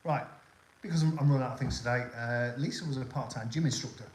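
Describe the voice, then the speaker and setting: A man's voice: mid-range voice, quick pace, slight background noise. A middle-aged man hosting a casual live stream, rambling chattily and answering viewer comments as he goes. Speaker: livestream host. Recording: roomy echo, faint background ambience.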